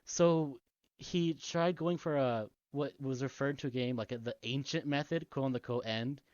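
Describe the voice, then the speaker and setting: This co-host has a mid-range, slightly mellow voice at normal speed. He rambles casually through a video game's storyline, laughing and cursing often, on a dull lo-fi podcast mic with no room sound.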